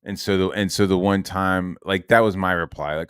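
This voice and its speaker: A man's voice: sits low, fairly even intonation, normal speed, hardly any pauses, a bit bright, smooth, no room sound, studio quality. A man ranting in a heated, profane and sarcastic monologue. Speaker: online commentator.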